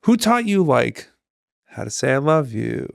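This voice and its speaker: A male podcast host with a gravelly voice and a lively, wide-swinging pitch. He keeps the talk casual, throwing in "yeah" and "right" again and again. The sound is close and dry. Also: measured pace, no echo. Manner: eager listener, constant "yeah" and "right". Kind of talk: casual chat.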